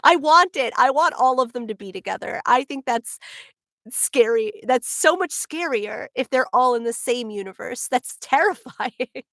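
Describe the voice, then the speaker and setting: In studio-quality audio with no room sound, a voice actress speaks in a high-pitched, animated, fairly bright voice at normal speed. She has a New Jersey accent and chats casually on her signing livestream, bubbly and full of laughter and "like"s.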